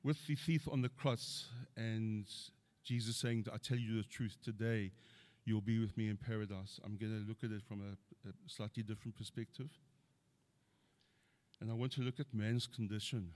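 A man's voice: fairly low pitch, fairly even intonation, normal speed, darkish tone. A middle-aged man preaching a sermon, earnestly quoting scripture and building to emphatic points.

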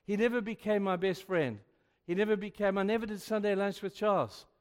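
A male pastor preaching a sermon, telling stories with sudden swings between hushed and loud. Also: sits high, fairly quick, clear, resonant tone. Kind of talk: sermon with storytelling. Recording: long reverb of a large hall.

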